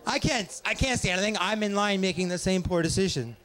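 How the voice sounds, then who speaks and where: High-voiced man doing pub stand-up. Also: lively intonation, fast talker, a bit bright. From Ontario, Canada. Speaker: stand-up comic. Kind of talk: stand-up comedy set. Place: small pub stage.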